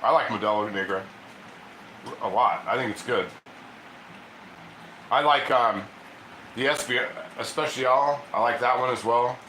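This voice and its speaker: A man's voice: medium pitch, a little slow, pauses often, pushed and bright, echoey room, slight background noise, poor audio. A man from Ohio hosting a casual cooking livestream from his home kitchen, rambling and chatting with viewers as he reads their comments.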